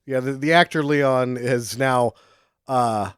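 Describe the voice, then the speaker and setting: A man co-hosting a comedy podcast, sarcastically recapping a bad action movie and slipping into quick character voices for the lines. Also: mid-range voice, a bit bright, smooth, dry recording, clean studio sound. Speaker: podcast co-host.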